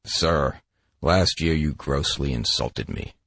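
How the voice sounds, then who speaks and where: Man voicing a deep, husky storybook wolf, menacing and accusing. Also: takes it slowly, fairly bright tone, dry recording, full character voice. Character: scheming, tyrannical male wolf.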